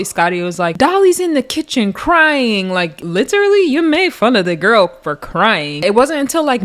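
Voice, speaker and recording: A woman's voice: mid-range voice, a bit bright. A woman hosting a reality show recap, chatting casually in a gossipy, filler-heavy way. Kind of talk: casual commentary.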